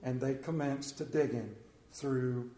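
A man's voice: medium pitch, fairly even intonation, unhurried, mellow, roomy sound. A man preaching a sermon in a church, telling a folksy story and asking the congregation questions. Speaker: pastor. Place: church sanctuary.

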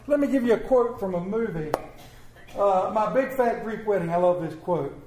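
A man's voice: sits high, animated, moderate pace, darkish tone, echoey room. A man preaching a sermon, telling stories with humor and calling for responses. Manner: storytelling with humor, call and response. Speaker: pastor.

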